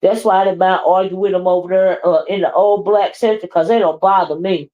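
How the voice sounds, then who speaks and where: A woman's voice: on the low side, steady tone, brisk, narrow, tinny audio. Sassy woman ranting on a livestream. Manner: sassy, scolding, repeats "okay?" and "child". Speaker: livestream host. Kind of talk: casual livestream rant.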